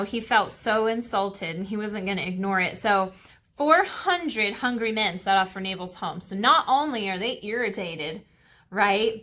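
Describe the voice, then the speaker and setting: A woman's voice: mid-range voice, sharp tone. A woman teaching a Sabbath school lesson to kids, retelling a Bible story in a chatty way with fillers and asides.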